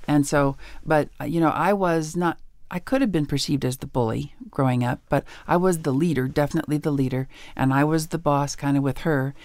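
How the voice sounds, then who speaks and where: A woman's voice: low voice, a little fast, no room sound. A woman guest on a radio talk show, an author and educator telling stories with chuckles, on a studio mic. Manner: animated storyteller, chuckles often.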